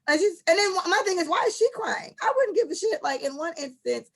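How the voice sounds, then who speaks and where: A woman's voice: very high voice, fairly quick, gravelly. A woman hosting a podcast in casual chat, telling stories bluntly with plenty of profanity and energy. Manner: blunt, animated storytelling with profanity. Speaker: podcast host.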